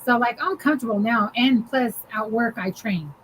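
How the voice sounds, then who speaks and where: A woman's voice: fairly high pitch, normal speed, slight background noise, rough recording. A woman co-hosting a podcast, telling a story in casual chat, full of "like" and "dude" and laughing as she goes. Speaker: podcast co-host.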